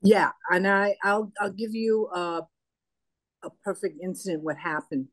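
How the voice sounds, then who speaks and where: A woman's voice: mid-range voice, unhurried, fairly bright tone, dry recording. An older woman as an interview guest, retelling past events in a conversational, anecdotal way and acting out the dialogue. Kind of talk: conversational storytelling.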